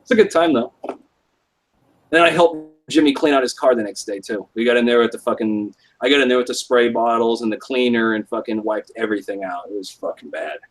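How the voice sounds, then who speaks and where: A young man with a mid-range voice tells a meandering story on a live stream, talking briskly and swearing nonstop while peppering everything with "like." It's casual storytelling, and the recording quality is poor.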